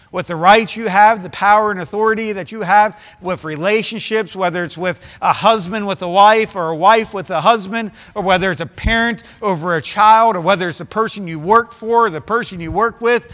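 Male pastor, high voice, earnest sermon delivery with scripture quotes and restarts; church hall reverb. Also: fairly bright tone. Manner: earnest preaching, quoting scripture in old wording, with repeated words and restarts.

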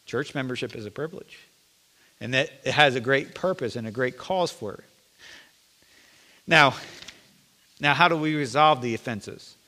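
Bright-voiced preaching pastor, man. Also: mid-range voice, normal speed, pauses often. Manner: earnest preaching with self-deprecating jokes. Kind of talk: sermon. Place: church sanctuary. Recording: long reverb of a church sanctuary.

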